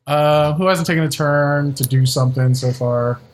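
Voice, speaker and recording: A man narrating and ruling as game master of a tabletop game, giving quick calls on dice rolls. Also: a little high, steady tone.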